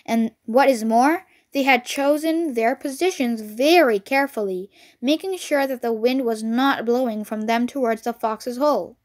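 A woman narrating a children's storybook as a read-along, reading clearly and expressively. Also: on the high side, normal speed, few pauses.

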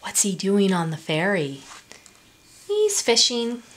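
A woman reading a picture book aloud to children, in an expressive, sing-song way, pausing to ask her listeners questions. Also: mid-range voice, a little hiss or hum. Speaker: story time reader.

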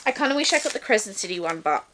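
A woman reviewing a subscription book box, excitedly unboxing and gushing over each item in casual chat. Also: medium pitch, racing, slight background noise.

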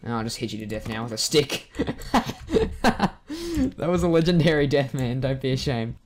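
Jokey excitable male gamer. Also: medium pitch, normal speed. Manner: excitable, jokey, yelps and laughs at the game. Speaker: gaming YouTuber. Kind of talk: let's play commentary.

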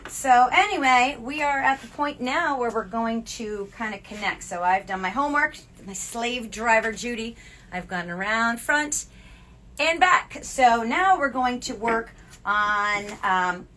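A middle-aged woman with a Southern American accent, co-hosting a casual knitting podcast and telling stories with animated, bubbly energy. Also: on the high side, measured pace. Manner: bubbly, animated storyteller with laughs. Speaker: podcast co-host, Spanish professor. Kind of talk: casual chat while knitting. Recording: faint background noise.

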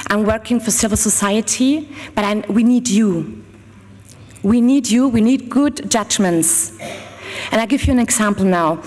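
A German-accented woman addresses a conference, her fairly high voice ringing through a big hall with a long echo. She is chatty and personable, laughing now and then and pausing to find her English words. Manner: chatty and warm with the audience, laughs easily, searches for words. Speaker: conference panel speaker, lawyer. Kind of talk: public talk at a forum.

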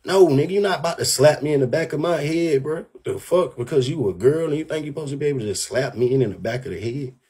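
A young man telling a heated, profane story on his livestream, animated and worked up. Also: on the high side, quick pace, hardly any pauses, breathy edge. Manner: profane, animated, keeps saying "bro".

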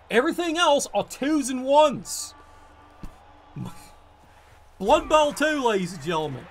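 High-voiced sweary gaming streamer. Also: male voice, a bit bright. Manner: sweary, exasperated, sarcastic. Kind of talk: ranting live game commentary.

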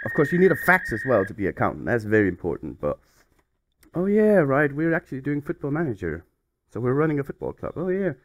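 A man's voice: medium pitch, sing-song, quick pace. A man hosting a comedic game playthrough, playful and mock-flustered as he rambles along. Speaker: YouTube gaming host.

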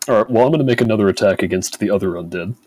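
Male player, very deep and husky, thinks aloud, dry close sound. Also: racing, a little mellow, no echo. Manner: thinks aloud, asks questions to sort out positions. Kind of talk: playing a tabletop game.

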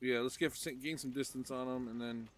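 A man on a live stream playing a shooter game with friends, excitable and swearing often. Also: medium pitch, brisk. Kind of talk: casual game chat.

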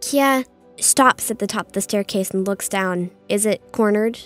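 A woman's voice: mid-range voice, normal speed, fairly bright tone, soft background music. A woman playing a tabletop game, speaking casually and hesitantly, asking questions. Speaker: player.

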